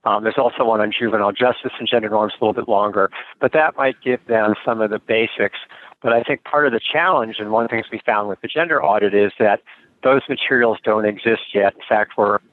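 A man's voice: lowish voice, steady tone, quick pace. A middle-aged man speaking as a guest expert in an interview, earnest and thoughtful, often restarting his sentences. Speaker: guest expert on gender norms. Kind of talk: conversational interview over a remote call. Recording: tinny phone-line sound, dry.

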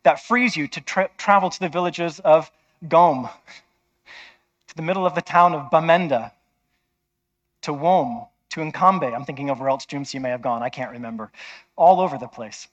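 A man's voice: fairly high pitch, moderate pace, pauses often, fairly bright tone, lo-fi sound. A man preaching a sermon in an emphatic, conversational way, often checking with listeners.

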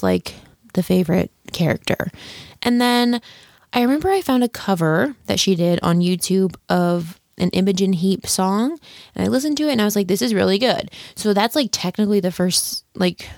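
A woman's voice: mid-range voice, vocal fry, darkish tone, dry recording, clean studio sound. A young woman hosting a podcast on her own, rambling and chatty, full of self-deprecating asides. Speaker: podcast host. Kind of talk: casual solo podcast chat. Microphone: studio microphone.

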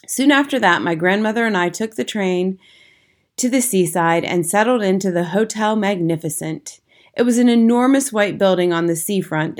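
A woman narrating a children's storybook aloud in the first person, with a lively, expressive reading. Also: fairly low pitch. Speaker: audiobook narrator.

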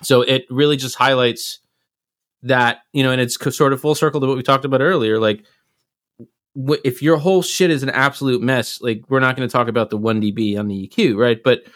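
Co-hosting a casual podcast, this live sound engineer chats earnestly and reflectively, swearing loosely now and then. His medium-pitched voice is a bit bright and a little fast, recorded dry at studio quality.

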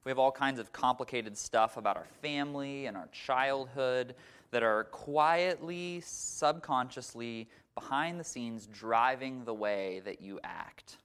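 A man's voice: medium pitch, unhurried, fairly bright tone, clear, resonant tone. A man giving a sermon as a pastor, telling stories in a conversational way with a few fillers. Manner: conversational storytelling, some fillers.

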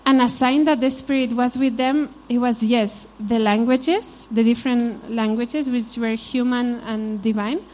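Spanish-accented woman preacher, warm and fairly high, casual storytelling sermon. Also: steady tone, a little slow, few pauses. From Spain. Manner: informal, frequent "you know", storytelling asides. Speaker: Bible teacher. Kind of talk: conversational sermon.

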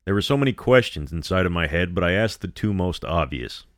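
Deep-voiced man narrating horror. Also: no echo, clean studio sound. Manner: steady, measured storytelling.

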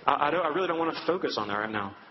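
A man's voice: on the high side, animated, racing, a little hiss or hum. A man preaching a sermon, speaking earnestly and directly to his listeners with repeated reassurance, in a large hall. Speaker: campus minister preaching. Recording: echoey hall, dull sound.

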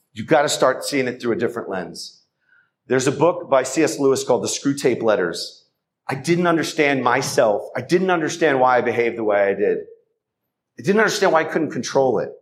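A man's voice: mid-range voice, animated, moderate pace. A man giving an earnest testimony to a men's gathering in a church hall, speaking straight to the men and urging them on. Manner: earnest, exhorting, addresses the men directly. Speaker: speaker at a Catholic men's event.

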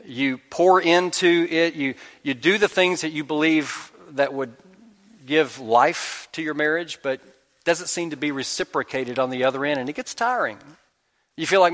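A man preaches from the pulpit in a church sanctuary, his slightly high voice carried by a long, ringing reverb. He talks to his congregation casually, telling stories and voicing their inner doubts. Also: moderate pace, fairly bright tone. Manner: conversational storytelling with acted-out inner voices. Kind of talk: sermon.

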